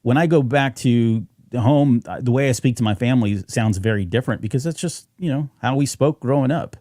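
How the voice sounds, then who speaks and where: A man's voice: medium pitch, brisk, mellow, no echo, clean studio sound. A man co-hosting a fan podcast, chatting casually and rambling with fillers and restarts. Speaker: podcast co-host.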